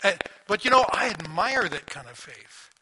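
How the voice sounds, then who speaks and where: A man preaching a sermon in a conversational, animated storytelling manner, asking the listeners questions. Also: high voice, moderate pace, husky, low-quality recording. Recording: audible background noise.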